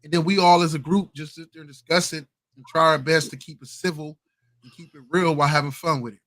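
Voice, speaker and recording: A man's voice: on the high side, fairly even intonation, fast talker, fairly bright tone, dry recording. A man hosting a casual late-night podcast, laid-back and slangy. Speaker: podcast host. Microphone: home streaming mic, adjusting gain.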